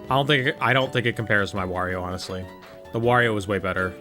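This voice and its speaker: A man streaming a game, chatting casually and joking in quick, rambling asides to his viewers. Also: on the low side, pushed and bright, faint music behind. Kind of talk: casual livestream chat while gaming.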